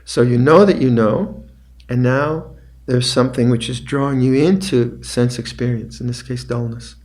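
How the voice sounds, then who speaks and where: An older man gives a dharma talk at a meditation retreat. His voice sits at an ordinary mid pitch, calm and unhurried. He often repeats short phrases more quietly. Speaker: meditation teacher.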